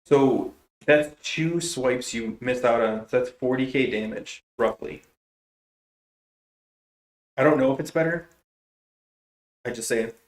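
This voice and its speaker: A man's voice: mid-range voice, echoey room. A young man streaming a game, chatting casually with teammates, joking and laughing often. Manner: jokey, laughs often, quick reactions. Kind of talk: casual gameplay chat.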